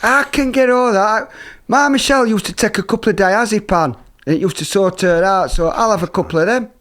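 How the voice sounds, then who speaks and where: A man's voice: high-pitched, a little fast, a bit bright. A man joining a podcast remotely, asking naive questions in casual banter. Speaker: podcast co-host. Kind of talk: casual chat. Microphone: remote call.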